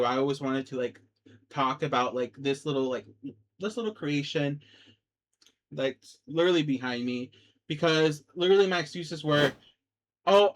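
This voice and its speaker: Chatty slightly high-voiced young man. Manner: chatty and self-deprecating, with many fillers like "dude" and "like". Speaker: vlogger starting a gaming channel. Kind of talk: casual rambling monologue to camera. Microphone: cheap microphone.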